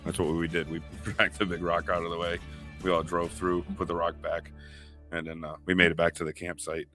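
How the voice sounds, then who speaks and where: A New England man co-hosts a podcast, his low voice moving a little fast over soft background music. He tells a story casually and animatedly, acting out the quotes.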